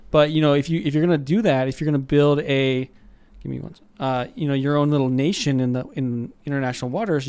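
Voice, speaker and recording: A studio guest on a talk show, speaking casually and rambling with many fillers. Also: male voice, mid-range voice, a little mellow, clear, resonant tone, dry recording. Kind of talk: casual discussion.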